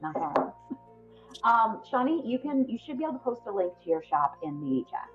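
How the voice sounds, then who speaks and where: A woman's voice: a little high, sing-song, brisk. A woman with a Midwestern accent chatting casually and rambling as she signs off from a tabletop game stream, with lots of ums. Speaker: tabletop game player and podcast host. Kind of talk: casual sign-off chat. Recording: dull lo-fi stream audio, faint music.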